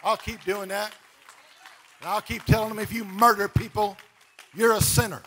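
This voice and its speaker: A man preaching a sermon in a church, with shouted, sing-song calls out to the congregation. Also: sits high, fairly even intonation, moderate pace, some chatter behind, slight background noise. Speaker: pastor. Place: church sanctuary.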